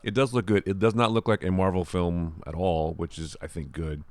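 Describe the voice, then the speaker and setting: A man's voice: sits low, steady tone, moderate pace, darkish tone, no room sound. A man co-hosting a podcast, chatting casually about films and rambling with many restarts. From Southern California. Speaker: podcast co-host. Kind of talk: casual chat.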